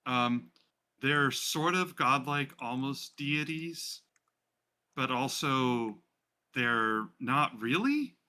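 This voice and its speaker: A man hosting a tabletop role-playing stream as game master, narrating in a loose, chatty way and often pausing on fillers. His voice is bright and clear at a medium pitch. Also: expressive.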